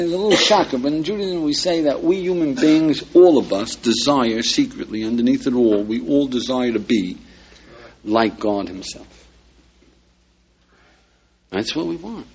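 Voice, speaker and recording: Man, rabbi, religious lecture, husky voice, lively pitch, emphatic rhetorical questions. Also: highs cut off. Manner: emphatic, peppers talk with rhetorical questions to listeners.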